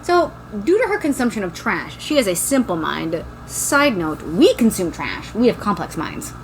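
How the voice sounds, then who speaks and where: A woman co-hosting a podcast, recapping a book in casual chat, animated and swearing freely. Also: mid-range voice, moderate pace, slight background noise, rough recording. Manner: animated, swears freely, acts out quotes in silly voices. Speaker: podcast co-host.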